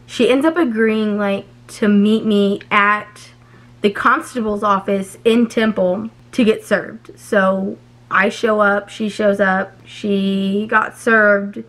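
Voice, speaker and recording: A woman's voice: mid-range voice, steady tone, slow, a bit bright. A young woman from Texas telling a long personal story in a casual, chatty way, swearing freely and filling her sentences with "like" and "um.". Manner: profane, chatty, filler-heavy. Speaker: vlogger.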